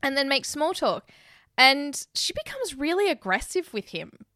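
A woman's voice: high-pitched, sing-song, a little slow, sharp tone, dry recording, clean studio sound. A woman co-hosting a podcast, casually recapping a film scene by scene and acting out the characters' lines. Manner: chatty, laughs often, acts out lines from the film. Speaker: podcast co-host.

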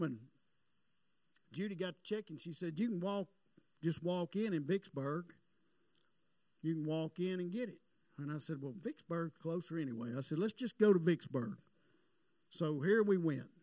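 Folksy preacher man, high voice. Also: a little mellow, no room sound. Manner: folksy, rises into fervent preaching. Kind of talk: sermon storytelling.

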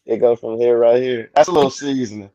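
A man's voice: medium pitch, fairly even intonation, fast, warm tone, highs cut off. A man appearing as a guest on a live-stream talk show from bed, laid-back and playful as he jokes along. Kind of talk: casual live-stream banter.

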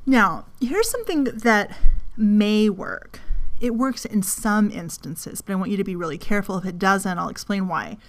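A woman's voice: medium pitch, expressive, normal speed. Frank middle-aged woman telling a story. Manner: frank, storytelling, swears casually, laughs at herself. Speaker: podcast host and coach. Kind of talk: casual self-help talk with personal story.

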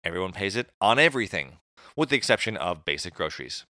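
A man's voice: low-pitched, big pitch swings, fast, sharp tone, dry recording, studio quality. A man from Atlantic Canada co-hosting a casual podcast, reading facts from notes with jokey asides. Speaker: podcast co-host.

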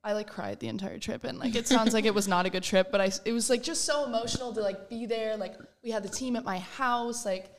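A woman's voice: fairly high pitch, quick pace, hardly any pauses. A young woman from Minnesota, a college basketball player, chatting in an interview in a bubbly way and laughing often. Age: young adult. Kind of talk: casual interview.

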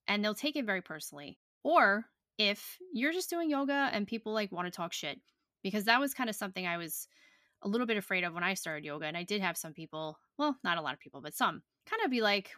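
A woman's voice: medium pitch, animated, fast, bright, forceful tone, dry recording. A young adult woman hosting a podcast in casual chat, blunt and profane with lots of fillers, talking on a close podcast mic. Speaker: podcast host.

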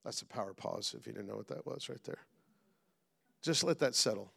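Man, middle-aged, pastor, sermon, animated, call-and-response, loud-to-hushed swings. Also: lowish voice, brisk, creaky, slightly rough.

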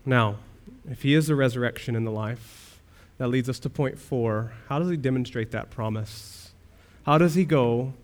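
A man's voice: medium pitch, normal speed. A man pastor preaching a sermon, earnest, with rhetorical questions and rising swells of emphasis.

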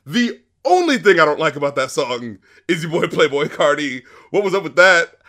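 A man co-hosting a casual music review chat, excitable, swearing often and filling with "like" and "uh". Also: on the high side, moderate pace. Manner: excitable, swears a lot, many fillers. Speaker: music review podcast co-host.

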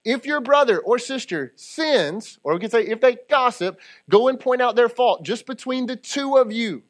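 A man's voice: extremely high pitch, lively intonation, moderate pace. A man who is a lead pastor, preaching a conversational sermon and often checking in with the congregation. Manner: conversational preaching with audience call-and-response asides.

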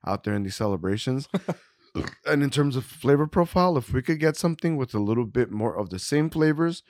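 A man's voice: medium pitch, expressive, fairly quick, a little mellow, dry recording, clean studio sound. A man co-hosting a podcast, rating beers in a casual, rambling way full of fillers and little laughs. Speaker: podcast co-host. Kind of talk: casual beer-tasting chat.

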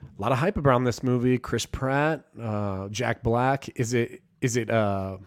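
A man's voice: medium pitch, a little slow, clear, resonant tone. Easygoing man saying bro and dude. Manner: easygoing, filler-heavy, says bro and dude. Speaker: podcast cohost. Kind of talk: casual chat.

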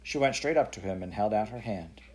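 A man narrating a children's classic aloud in a steady, plain storytelling manner. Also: lowish voice, brisk. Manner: steady, plain storytelling with a few self-corrections. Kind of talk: audiobook reading of a children's classic.

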